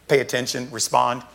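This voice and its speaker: A man preaching a sermon, reading scripture aloud and explaining it in an emphatic, casual way with quick asides. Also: medium pitch, vocal fry, a bit bright.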